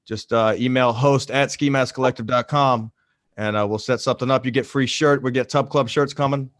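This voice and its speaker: A man's voice: medium pitch, steady tone, brisk, no room sound, clean studio sound. A man from the American South hosting a podcast, talking loosely with lots of fillers. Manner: loose, rambling, many fillers. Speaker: podcast host. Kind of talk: casual chat.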